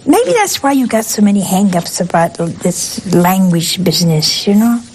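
Older nun preaching, chatty. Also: female voice, medium pitch, sing-song, moderate pace, darkish tone, a little hiss or hum, poor audio. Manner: chatty, keeps asking the listeners questions; folksy and humorous. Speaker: nun giving a spiritual talk. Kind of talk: conversational sermon.

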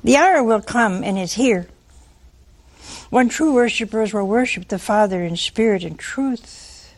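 An older woman giving a sermon, telling the story in a lively way, acting out voices and asking her listeners questions. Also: on the high side, unhurried. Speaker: preacher.

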